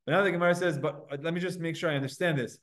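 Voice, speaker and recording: A man's voice: a little high, steady tone, rapid-fire, a bit bright. A man teaching a Talmud class, explaining step by step in a casual way and posing and answering his own questions. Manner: casual, conversational with students.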